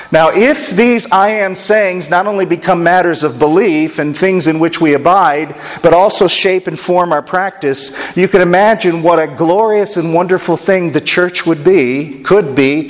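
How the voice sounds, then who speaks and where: A man preaching a sermon as pastor, earnest and building his points through rhythmic lists and repeated phrases. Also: fairly high pitch. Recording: long hall reverb.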